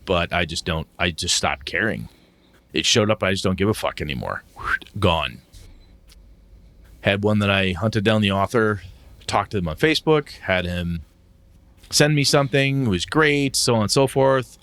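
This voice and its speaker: Middle-aged male podcast co-host: deep, animated, blunt, dry close mic. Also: moderate pace, no echo. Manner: blunt and emotional, swears freely. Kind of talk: casual chat.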